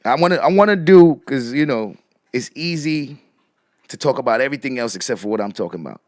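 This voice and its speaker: A man hosting casual live commentary, repeating rhetorical questions to his viewers and shouting out people in the chat. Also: medium pitch, animated, a little fast, no echo, studio quality. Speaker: commentary streamer.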